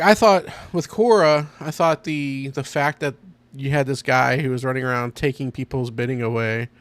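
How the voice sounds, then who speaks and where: A man's voice: medium pitch, clean tone. A man hosting a casual podcast, talking with enthusiasm, rambling and laughing often. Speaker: podcast host. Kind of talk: casual chat.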